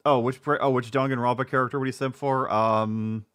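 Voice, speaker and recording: A man's voice: medium pitch, fairly even intonation, brisk, a bit bright, clean tone. A male streamer gives live commentary over a video he is watching. He mocks it with sarcasm and frequent swearing. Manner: sarcastic, mocking, profane.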